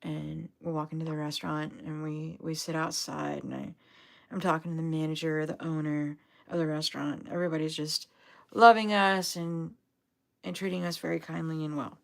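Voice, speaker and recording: A woman's voice: low-pitched, level tone, normal speed, vocal fry. A young adult woman telling a rambling, upbeat story on a casual livestream, full of fillers. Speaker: vlogger, duck owner.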